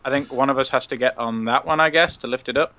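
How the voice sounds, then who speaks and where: A man's voice: medium pitch, fast talker, sharp tone. A man co-hosting a podcast, chatting casually while gaming, laughing, swearing and rambling. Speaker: podcast co-host. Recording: dull lo-fi mic.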